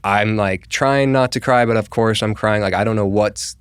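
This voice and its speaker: A young man from Colorado talks as a podcast guest, telling a personal story in a relaxed, conversational way. His voice sits fairly low and comes through smooth and clear, and he keeps saying "like" and acting out what people said. The sound is dry and close, with no room echo. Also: normal speed. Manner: conversational, full of "like", acts out quoted dialogue. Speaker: podcast guest, real estate agent. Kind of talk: casual storytelling interview.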